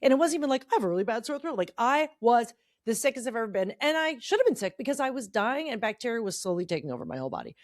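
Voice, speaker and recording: A woman's voice: fairly high pitch, very animated, very fast, no room sound, studio quality. A woman in her forties, a podcast co-host, telling a story in candid casual chat, swearing freely and acting out what people said. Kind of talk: casual chat among sisters.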